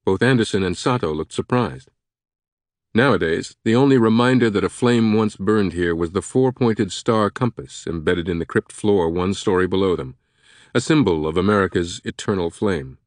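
A man narrating an audiobook in a measured, even manner. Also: sits low, no room sound, studio quality.

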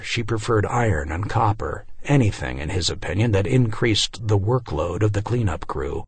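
A man narrating a novel as an audiobook, telling it in a measured, expressive way with dramatic dips and rises. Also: sits low, gravelly, slightly rough, no room sound, studio quality.

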